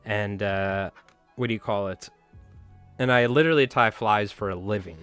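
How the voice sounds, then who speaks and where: A man's voice: fairly low pitch, moderate pace, fairly bright tone, clean tone, dry recording, soft background music. A man hosting a casual fly tying livestream who chats with viewers, rambles from one story to the next and swears freely.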